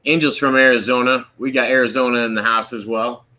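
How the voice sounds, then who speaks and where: A man's voice: mid-range voice, level tone, fairly quick, over a noisy crowd. A man hosting a live stream, chatting casually and reading out viewers' comments. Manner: friendly, reads out viewer comments. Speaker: host of a live stream show. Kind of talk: casual chat.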